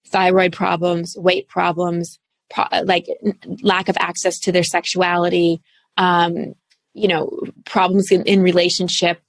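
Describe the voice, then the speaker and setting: A woman in her thirties, a coach speaking as an interview guest, telling her story in an earnest, animated way with casual fillers. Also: fairly low pitch, creaky, no echo. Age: 30s. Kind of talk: candid interview talk.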